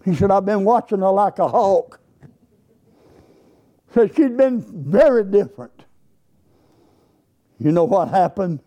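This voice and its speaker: Older man, Baptist preacher, storytelling sermon, high-pitched, warm tone. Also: lively intonation, slow pace, pauses often. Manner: folksy, acts out both sides of a dialogue.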